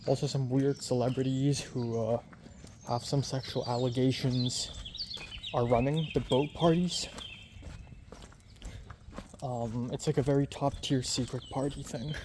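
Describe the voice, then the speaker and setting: A man's voice: medium pitch, fairly even intonation, unhurried, long pauses, background noise. A man in his twenties telling a story in a casual vlog, rambling and chatty with lots of fillers. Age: 20s. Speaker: vlogger.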